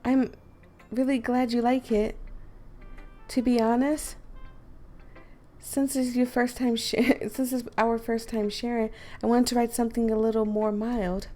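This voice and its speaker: A woman reading out game lines as a shy, polite, bookish teenage girl, in a soft, formal, hesitant manner. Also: a little high, little pitch movement, unhurried, pauses often, faint music behind, close to an everyday voice. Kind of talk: reading game dialogue aloud.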